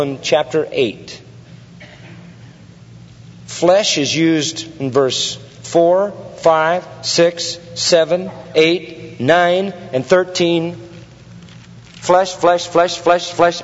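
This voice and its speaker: A man preaches a sermon in a slow, deliberate cadence, hammering key words through repetition and tossing questions out to the congregation. His voice sits a little high for a man. The sound carries a long hall reverb and has a dull, lo-fi quality. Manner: emphatic, rhetorical questions to the congregation, heavy repetition. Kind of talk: expository sermon.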